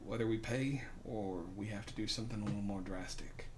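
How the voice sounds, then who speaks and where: A man voicing an earnest, grieving male captain who speaks quietly and haltingly. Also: fairly low pitch, background noise, close to an everyday voice. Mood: sad, quiet.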